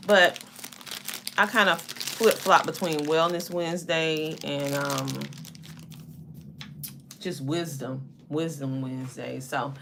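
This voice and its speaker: Bright-voiced Southern woman chatting. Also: fairly low pitch, slight background noise. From South Carolina. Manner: lively, chatty, greets viewers by name. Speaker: live stream host. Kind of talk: casual live-stream chat.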